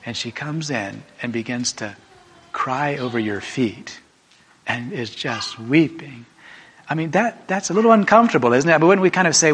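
A man preaching a sermon, telling a story emphatically and swinging from a hushed voice to a raised one. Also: mid-range voice, animated, normal speed, a little hiss or hum.

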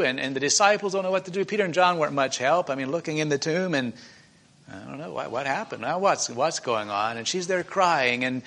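A man's voice: medium pitch, animated, normal speed, fairly bright tone. A man preaching in a church meeting, retelling a scripture story in an emotional, conversational way with many restarts.

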